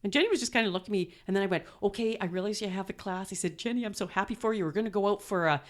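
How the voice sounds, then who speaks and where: A middle-aged woman telling animated stories as an interview guest, laughing often and acting out quotes. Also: mid-range voice, rapid-fire. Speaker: guest, mother and performer. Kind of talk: storytelling interview.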